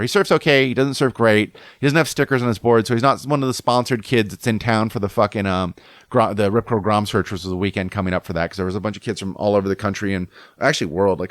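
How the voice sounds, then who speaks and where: Man in his thirties, podcast host, profane storytelling, rapid pace, dry close sound. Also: fairly low pitch, fairly bright tone, dry recording.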